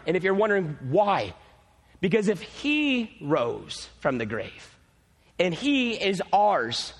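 A man preaching a sermon as pastor, telling a story with animated energy. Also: sits high. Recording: long hall reverb.

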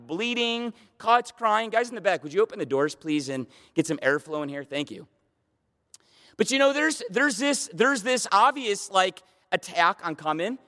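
A man's voice: high voice, fairly bright tone. A man preaching a sermon in a church, building to emphatic repeated questions. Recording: reverberant church hall.

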